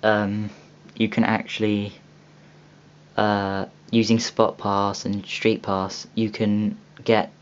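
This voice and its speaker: A man's voice: lowish voice, level tone, takes it slowly. A young man hosting a casual video walkthrough of a game store, rambling with many ums and restarts. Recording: dull lo-fi home recording with faint hiss.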